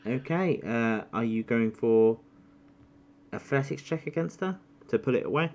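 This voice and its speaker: A woman's voice: very deep voice, unhurried, darkish tone, highs cut off. A woman narrating as game master, laughing often and swearing casually.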